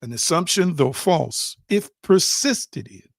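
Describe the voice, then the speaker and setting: A man giving a spiritual teaching with an emphatic, insistent delivery, stressing points by repeating himself. His voice sits a little high for a man. The sound is dry and close, with no room around it. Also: expressive, takes it slowly, gravelly, husky, no echo. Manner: addresses listeners as family.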